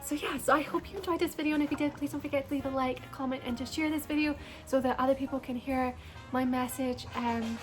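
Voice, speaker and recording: Scottish woman vlogger, bright high voice, bubbly and earnest, chatty to camera, faint music underneath. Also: fairly even intonation, fast. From Scotland. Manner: bubbly and earnest, addresses viewers as "you guys". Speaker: beauty vlogger. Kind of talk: casual personal vlog to camera.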